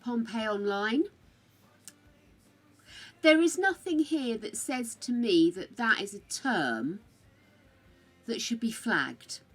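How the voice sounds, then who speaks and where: A woman's voice: on the high side, animated, slow, long pauses, breathy edge, soft background music. An older woman from the UK with a British accent that drifts between regional accents, chatting casually on her game stream and calling viewers darling and dearie. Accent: British, shifting between regional accents. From United Kingdom. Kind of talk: casual livestream chat.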